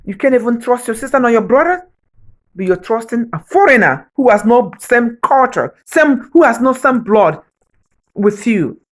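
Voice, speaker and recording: This vlogger's voice sits on the high side, animated and at a moderate pace. Her heart is broken, she says, as she pleads emotionally in a preacher-like appeal, repeating phrases to drive them home.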